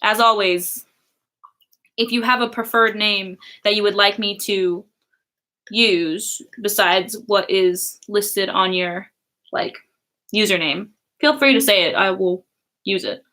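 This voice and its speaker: A woman's voice: mid-range voice, slow, pushed and bright. A young woman chatting casually on a livestream, reading chat and laughing often. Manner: giggly, chatty, many fillers.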